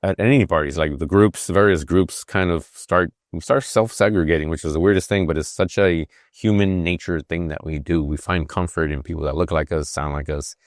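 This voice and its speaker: A man's voice: deep voice, fairly quick, few pauses, dry recording, clean studio sound. A man in his fifties hosting a podcast, talking casually and reflectively, with many fillers and restarts. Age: 50s. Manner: emotional, rambling, frequent fillers and restarts. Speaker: podcast host.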